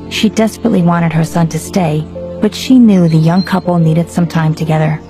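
Low, gravelly woman narrating a story. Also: steady tone, normal speed, over music. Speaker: audiobook narrator. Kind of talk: scripted narration.

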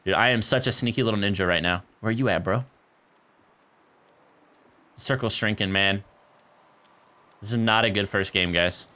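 A man's voice: on the low side, normal speed, long pauses, sharp tone, clean tone. A man streaming a shooter game live, chatting casually with viewers, laughing often and calling them dude and guys, into a desk microphone at home. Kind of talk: casual live gameplay commentary. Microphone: desk microphone near a keyboard.

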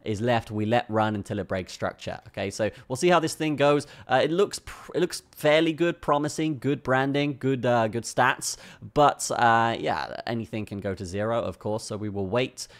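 A man's voice: mid-range voice, normal speed. Tired man talking through crypto charts. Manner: keeps tagging lines with "okay?" and "all right?"; repeats his own phrases. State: tired from a long day. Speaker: crypto trading channel host. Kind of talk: casual screen-recorded chart analysis.

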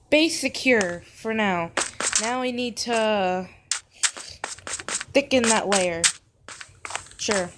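A woman hosting a gaming video, rambling in character with giggly, self-mocking commentary as she plays. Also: medium pitch. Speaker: gaming channel host. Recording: steady background noise.

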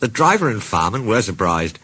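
A man narrating a children's storybook in an expressive, playful manner. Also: fairly low pitch, brisk, breathy edge. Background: background music.

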